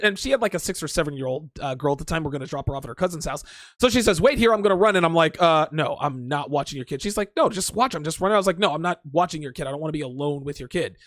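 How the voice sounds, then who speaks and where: A fairly high-voiced man hosts a livestream in a crude, profane, blunt manner. He reads viewer comments aloud and shoots back his reactions. His voice is dry and close, with no room sound. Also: fairly bright tone, no room sound. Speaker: podcast host. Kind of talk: casual livestream chat.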